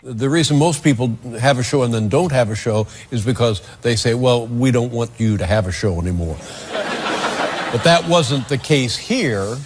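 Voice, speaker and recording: A man of middle pitch hosts an interview and asks his questions at a calm, measured pace. He sets them up at length before putting them to his guest. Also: background noise. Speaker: talk show host.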